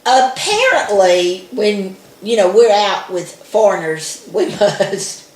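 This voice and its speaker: A woman from Alabama with a Southern accent and an animated, chatty manner, laughing often as she co-hosts a casual chat. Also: medium pitch, takes it slowly, roomy sound. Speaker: co-host.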